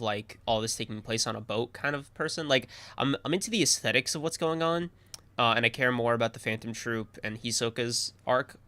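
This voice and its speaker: A man's voice: medium pitch, sharp tone, smooth, dry recording. A young man co-hosting a podcast, talking in a playful, slangy way and calling people bro. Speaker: podcast co-host. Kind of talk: casual chat.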